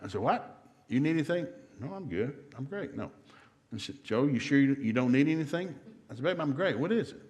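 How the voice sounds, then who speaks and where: In a church hall, a middle-aged man from the American South gives a humorous marriage seminar. His medium-pitched, a little mellow voice has lively intonation, and he tells stories fast, acting out the voices of the people in them.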